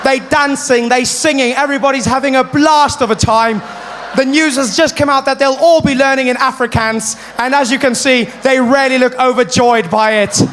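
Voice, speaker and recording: Chirpy male field reporter, high and loud, sunny broadcast patter, played by a man. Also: steady tone, normal speed, slight background noise. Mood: chirpy, upbeat. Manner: chirpy news-reporter delivery. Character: male foreign TV correspondent, cheery and upbeat.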